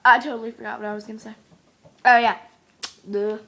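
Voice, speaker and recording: Bubbly, bright-voiced excitable young woman. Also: on the high side, a little fast. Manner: excitable, exclaiming, giggly. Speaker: vlogger. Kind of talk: casual chatty vlog. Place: at home with her dog.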